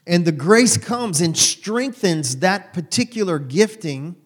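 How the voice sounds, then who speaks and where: A man's voice: high voice, lively intonation, takes it slowly. A male pastor giving a sermon in a conversational, rambling way, with restarts and asides.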